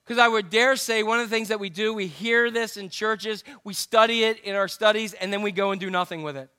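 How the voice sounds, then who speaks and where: A man's voice: sits high, steady tone, fairly quick, bright, forceful tone, clean tone. A man pastor preaching an earnest, conversational sermon.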